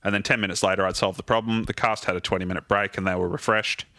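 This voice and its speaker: A man, a theatre musical director, telling animated anecdotes as a guest in a casual interview and swearing freely. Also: lowish voice, fast talker, dry recording, studio quality.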